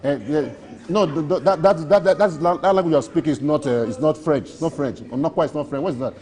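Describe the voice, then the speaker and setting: A man's voice: fairly high pitch, quick pace, warm tone. A Nigerian man in a street interview, rambling playfully and boasting, repeating his phrases.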